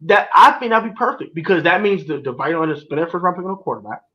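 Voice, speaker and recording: A man's voice: on the high side, fast, sharp tone, highs cut off. A man co-hosting a casual sports talk show, telling stories emphatically and repeating himself for effect. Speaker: podcast co-host.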